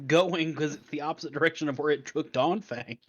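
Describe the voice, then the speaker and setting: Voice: mid-range voice, fairly quick, highs cut off. A game master narrating a tabletop game in an easygoing, laughing way.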